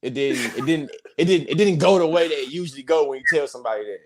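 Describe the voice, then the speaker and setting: A man's voice: a little high, lively intonation, fast talker. A man co-hosting a casual podcast chat, joking and sarcastic, with a habit of repeating "hey". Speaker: podcast co-host.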